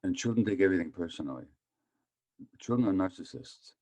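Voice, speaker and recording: A man's voice: deep voice, lively intonation, fairly quick, darkish tone. A man in his seventies, from Hungary, giving a conversational talk as a physician and asking his audience questions. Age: 70s. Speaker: physician speaker. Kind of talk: public talk on trauma.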